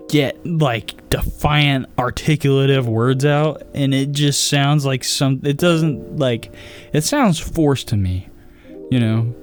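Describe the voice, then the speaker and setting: A man's voice: mid-range voice, darkish tone. A young man hosting a podcast, talking casually and self-critically to his listeners, rambling and swearing often. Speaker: podcast host. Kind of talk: casual solo talk to listeners.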